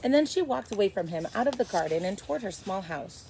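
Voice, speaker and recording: A woman teacher reading a chapter book aloud to first graders, expressive and stopping to explain. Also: medium pitch, quick pace, vocal fry, a little hiss or hum, low-quality recording. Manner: expressive, stops to explain to kids.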